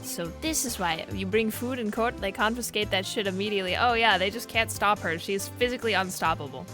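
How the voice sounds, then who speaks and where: A young woman streaming a game, giving excitable casual commentary, swearing and laughing often. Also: medium pitch, fairly quick, over music. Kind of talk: casual let's-play commentary.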